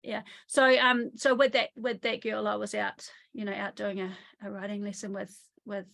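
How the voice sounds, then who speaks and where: A woman working as a trauma therapist, speaking in an online interview from her country home over a video call, telling lively stories and acting out what people said. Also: mid-range voice, moderate pace, gravelly. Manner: lively storytelling, often acts out quotes.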